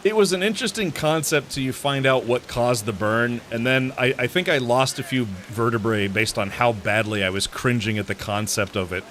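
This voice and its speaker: A man's voice: medium pitch, normal speed, hardly any pauses, fairly bright tone, slight background noise. Rambling, chuckling male game streamer. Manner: rambling, laughs often, restarts sentences. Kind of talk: casual live-stream chat while gaming.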